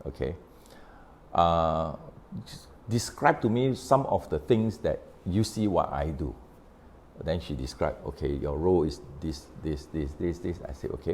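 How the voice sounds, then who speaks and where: A man's voice: deep voice, mellow, a little hiss or hum. A middle-aged man with a Malaysian English accent, an author talking through a workplace story and acting out the conversations in it. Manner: recounts conversations with quoted dialogue, unhurried, explanatory. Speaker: author sharing on his book. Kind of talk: casual storytelling talk.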